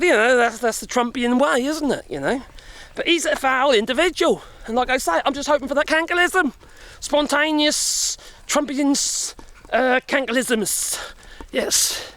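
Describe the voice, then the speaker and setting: Middle-aged vlogger man, high and lively voice, breathless on a woodland walk, rambles and swears with chuckles. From Europe. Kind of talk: casual rambling chat. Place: outdoors walking in woods.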